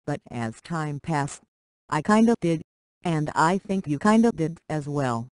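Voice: medium pitch, lively intonation, a little slow, dry recording, lightly acted, rough recording. A reader voicing a young woman reading her wedding vows, earnest, teasing and tender.

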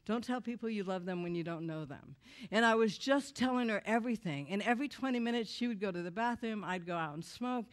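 A woman's voice: mid-range voice, expressive, fast talker. A woman giving a personal testimony to a church audience, candid and emotional with wry humor.

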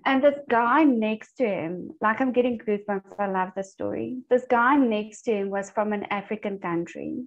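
A woman's voice: medium pitch, normal speed, few pauses. A woman leading a church discipleship group over a video call, teaching and telling stories earnestly. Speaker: Bible study group leader. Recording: dull lo-fi online call audio.

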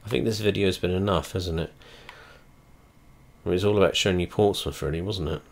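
A video creator with a deep, gravelly voice comments fairly quickly while playing a flight simulator. He rambles bluntly and chattily with heavy swearing, often trailing off and starting over.

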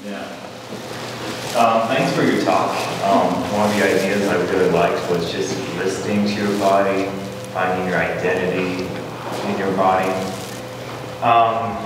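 A man's voice: low-pitched, steady tone, a little slow, background noise. A man in the audience asking a polite, tentative question. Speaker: audience member. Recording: far from the mic, echoey hall.

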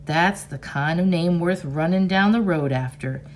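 A woman reading aloud, voicing a loud, swaggering, bullying grown man with a folksy, boisterous way of talking. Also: lowish voice, measured pace, slight background noise, natural voice.

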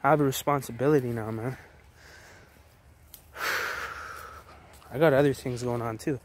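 A man's voice: medium pitch, steady tone, measured pace, a little hiss or hum. A man in his late twenties giving a blunt, heavily profane motivational rant straight to the camera, full of restarts and repetitions. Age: 20s. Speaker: vlogger.

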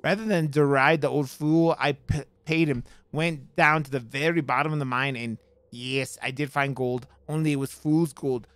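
A man's voice: fairly high pitch, normal speed, fairly bright tone, clean tone, dry recording, natural voice. Man doing a desperate trapped treasure seeker, mock Scottish. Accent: put-on Scottish. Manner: reading a note aloud, dramatic and weary.

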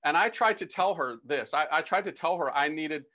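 A middle-aged man, a priest, telling his conversion story as a lively, slangy testimony talk and acting out the dialogue. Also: on the high side, moderate pace.

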